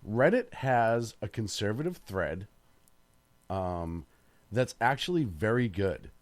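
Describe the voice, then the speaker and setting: A man with a low voice co-hosts late-night talk radio. He stumbles through fillers and restarts on his way to firm opinions, recorded close and dry. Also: big pitch swings, slow, no room sound. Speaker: radio talk show co-host. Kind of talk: casual talk radio discussion.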